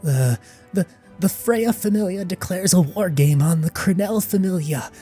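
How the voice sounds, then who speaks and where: A man voicing a frightened male guild clerk who speaks in a squeaky, stammering voice. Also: normal speed, dark tone, faint music behind, natural voice. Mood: pleading fear.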